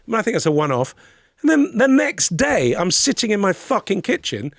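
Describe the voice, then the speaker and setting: A man's voice: high voice, normal speed, no room sound. Middle-aged guy telling a funny story, swears a lot, does the voices, dry close sound. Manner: animated storyteller, swears freely, acts out other people's voices. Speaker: podcast guest. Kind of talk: comic anecdote telling.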